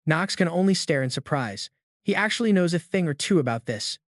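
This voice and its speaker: A man narrating a fantasy comic recap in an even, steady scripted reading. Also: on the high side, fairly quick, dry recording, clean studio sound.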